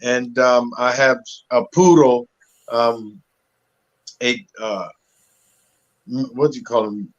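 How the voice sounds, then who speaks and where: A man guest telling stories in a casual interview, animated, acting out the voices of people he quotes, talking through a webcam on a video call. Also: medium pitch, takes it slowly, long pauses. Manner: animated storyteller who acts out quoted voices. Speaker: actor guest. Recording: dull lo-fi audio.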